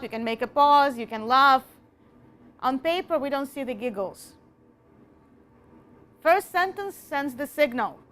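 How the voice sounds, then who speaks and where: A woman teaching a college writing class, slowing down and stressing key words as she reads example sentences aloud. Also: sits high, a bit bright. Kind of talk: classroom lecture.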